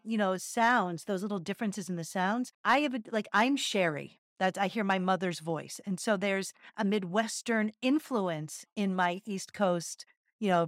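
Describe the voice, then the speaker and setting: A woman from Philadelphia co-hosting a podcast, chatting in an animated, storytelling way. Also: mid-range voice, no echo, clean studio sound. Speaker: podcast co-host. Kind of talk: conversational podcast chat.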